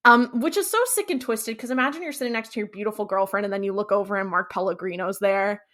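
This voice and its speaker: A woman's voice: medium pitch, quick pace, a bit bright. Blunt, cussing woman podcast co-host. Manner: blunt, swears freely, acts out scenes in her retelling. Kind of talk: casual chat, recapping a TV episode.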